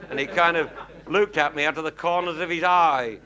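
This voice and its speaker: A man's voice: a little high, a little fast, bright, forceful tone. A man telling a comic story to a live audience in a blunt, earthy, chuckling way. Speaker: comic raconteur. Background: audience laughing.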